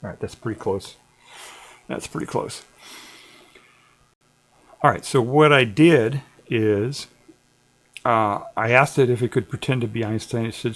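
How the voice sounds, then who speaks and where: A man's voice: mid-range voice, a little slow, long pauses. A middle-aged man hosting a livestream, chatting in a laid-back, digressive way with frequent chuckles. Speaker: livestream host. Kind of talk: casual rambling livestream chat.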